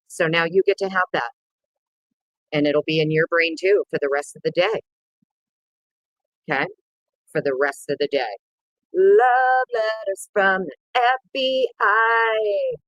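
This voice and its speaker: A woman's voice: a bit bright, dry recording, dull audio. A woman hosting a casual livestream, greeting viewers by name in a playful, sing-song way. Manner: bursts of sing-song and squeaky voices. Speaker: livestream host.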